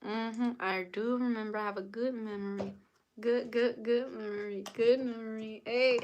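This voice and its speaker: A young woman live-streaming, chatting casually with her viewers and greeting them by name in a drawn-out way. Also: fairly high pitch, steady tone, muffled recording. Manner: drawn-out, greets and reads out chat names.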